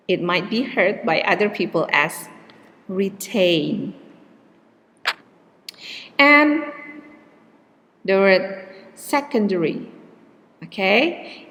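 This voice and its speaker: A woman lecturing on pronunciation at a slow, deliberate pace, stretching out example words to show where the stress falls. Her voice carries a long reverb, as if recorded in a large hall. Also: medium pitch, lively intonation, a bit bright. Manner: slow and patient, repeats words with exaggerated stress. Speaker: English teacher.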